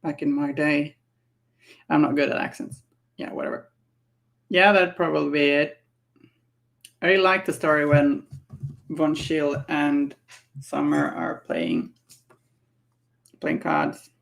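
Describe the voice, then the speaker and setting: A woman talks unhurriedly while she paints miniatures, in a relaxed, casual chat. Her voice has a gravelly edge of vocal fry, and she laughs easily and thinks out loud. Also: sits low, measured pace, pauses often. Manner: chatty, laughing, musing aloud.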